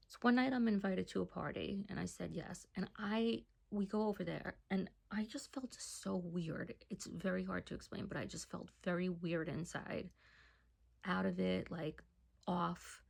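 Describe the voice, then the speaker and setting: A woman telling a personal testimony in a casual, hushed storytelling voice that often drops to a near whisper. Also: on the low side, steady tone, a little slow, vocal fry, husky.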